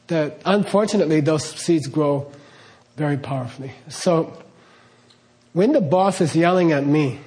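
Middle-aged male teacher, casual talk, slightly raised pitch, laughs a lot, frequent "okay?". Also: a little mellow. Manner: chatty, laughs often, keeps asking "okay?". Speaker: teacher of karma ideas.

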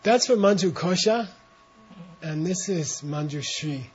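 A man leading a translation class, talking slowly and relaxed while he coaches pronunciation. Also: on the high side, breathy edge. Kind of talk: informal class talk with chanted reading. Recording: dull lo-fi classroom recording.

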